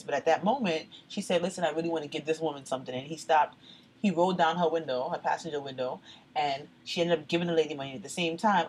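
Fast-talking husky woman telling stories. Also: low-pitched, poor audio. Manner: lively storyteller who acts out quotes. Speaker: podcast co-host. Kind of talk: casual chat.

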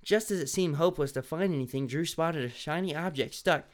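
Playful male story reader with a fairly high, smooth voice. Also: brisk. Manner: playful, laughing at the text. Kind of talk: reading a story aloud with joking asides.

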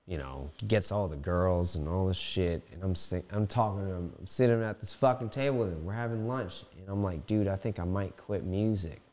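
Low-voiced young man, frank and profane. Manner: profane, animated, swings between playful voices and heavy quiet. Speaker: guest telling his life story. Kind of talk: candid personal storytelling.

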